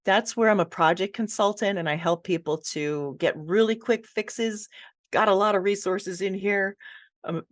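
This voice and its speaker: A woman guest on a podcast, telling animated stories about her writing work and laughing easily. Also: mid-range voice, no room sound, studio quality. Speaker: ghostwriter guest. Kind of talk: casual interview chat.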